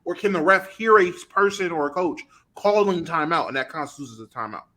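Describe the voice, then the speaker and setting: A man with a notably high speaking voice in casual sports talk. He asks questions and then explains what he sees, one step at a time. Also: expressive, a little fast, bright, forceful tone. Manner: questioning, talks through replays step by step. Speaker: podcast co-host.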